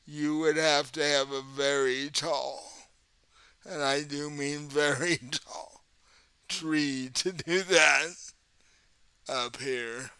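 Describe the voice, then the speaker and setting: Slow, bright-voiced male game master. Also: fairly high pitch, steady tone, clear, resonant tone, no echo. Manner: slow, explanatory, chuckles often. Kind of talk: narrating a tabletop game.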